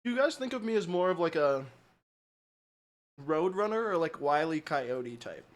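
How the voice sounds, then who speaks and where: A man's voice: fairly high pitch, animated, moderate pace. A man streaming live, chatting casually, poking fun at himself and answering his chat. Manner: joking, self-mocking, reacts to chat.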